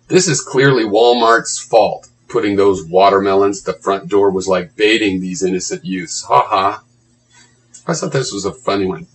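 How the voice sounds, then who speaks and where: Sarcastic low-voiced man reading comments. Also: poor audio. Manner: sarcastic, mocking, profane asides.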